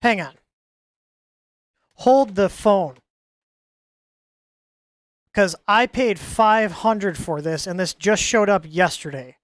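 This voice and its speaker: A woman's voice: mid-range voice, unhurried, few pauses, no room sound, studio quality. A woman hosting a live stream, chatting casually and ranting in exasperation, often stumbling and repeating words.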